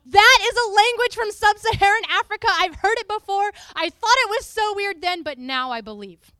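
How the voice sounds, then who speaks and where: A woman acting out an astonished woman who once doubted and now believes, speaking loud and high. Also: fairly even intonation, normal speed, clear, resonant tone, no echo. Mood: amazed.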